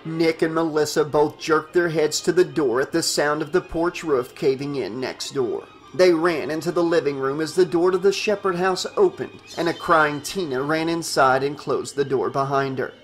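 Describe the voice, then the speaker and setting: A man reading a horror novel aloud as an audiobook, in a steady storytelling manner. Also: a little high, moderate pace, hardly any pauses, soft background music. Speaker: audiobook narrator.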